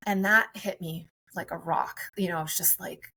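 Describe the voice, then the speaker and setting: A woman's voice: on the low side, fairly even intonation, moderate pace, creaky, hardly any pauses, pushed and bright, poor audio. A woman guest on a podcast, a friendly and chatty mother telling her own story in conversation.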